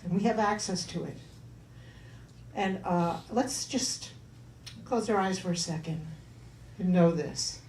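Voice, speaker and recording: A woman minister in a church hall gives announcements and a sermon, making chatty, warm asides to the congregation. Her mid-range voice moves at a slow pace with frequent pauses. Slight background noise and the roomy hall make her sound far away.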